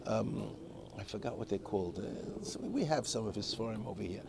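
Guy with a really gravelly voice rambling through a torah class, lots of restarts, noisy recording. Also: lowish voice, lively intonation, fairly quick. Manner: digressive, restarts often, mixes in Hebrew and Yiddish terms. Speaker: Torah teacher. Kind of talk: informal religious class with storytelling. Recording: clear background noise.

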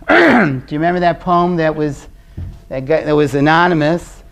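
A man from Brooklyn, New York tells stories in a conversational parenting class, speaking a little slowly with some vocal fry. Earnest throughout, he often drops into a quiet, low voice.

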